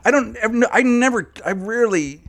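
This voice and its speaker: A man's voice: very high-pitched, moderate pace. A man co-hosting a casual comedy chat, telling a story with lots of swearing and laughter. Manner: profane, animated storytelling with frequent laughs. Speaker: podcast co-host.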